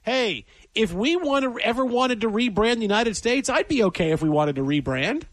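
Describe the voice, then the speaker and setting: A man hosting a sports radio show from a studio, chatting casually in an animated, jokey, rambling way. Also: very high voice, normal speed, no room sound. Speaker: radio sports talk host. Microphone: studio mic.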